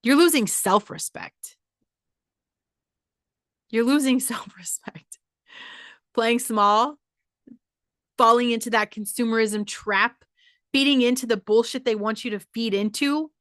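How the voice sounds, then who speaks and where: A woman's voice: a little high, unhurried, fairly bright tone, no echo, clean studio sound. Blunt, profane woman podcast host. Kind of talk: motivational monologue.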